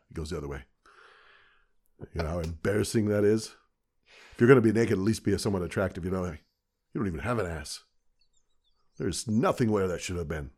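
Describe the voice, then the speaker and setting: Podcast co-host, male, deep and gravelly, crude jokey banter with plenty of swearing. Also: a little mellow. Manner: crude, joking, swears freely. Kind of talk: casual chat.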